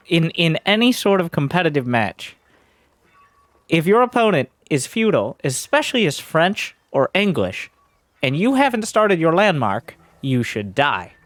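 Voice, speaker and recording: A man coaching as he reviews gameplay, blunt, sarcastic and profane. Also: fairly high pitch. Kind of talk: game coaching commentary.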